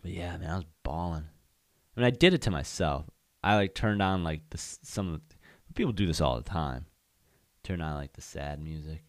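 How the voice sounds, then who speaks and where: Rambling young man, low dry voice. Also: moderate pace, dry recording. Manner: rambling, candid, lots of fillers. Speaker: podcast host. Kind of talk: casual solo chat.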